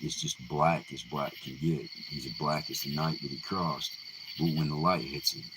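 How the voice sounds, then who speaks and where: A man casually retelling folk tales in an unhurried, folksy way, full of fillers and restarts. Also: a bass voice, steady tone, background noise. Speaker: live Q&A host. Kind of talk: casual oral storytelling.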